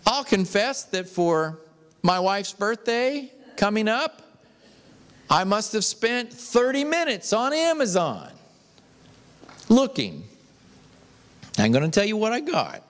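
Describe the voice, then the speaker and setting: A male pastor preaches with emphatic fervor, his fairly high voice rising and falling in wide swings. He takes his time with each phrase. The sound carries a long reverberant tail, as in a large church hall. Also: sing-song, slow pace, long pauses. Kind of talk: sermon.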